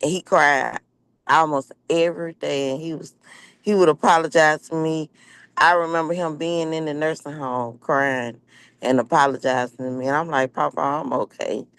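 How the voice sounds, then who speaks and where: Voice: medium pitch, fairly even intonation, moderate pace, fairly bright tone, clear, resonant tone, dry recording. Colloquial storyteller with a dry, close sound. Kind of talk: casual chat.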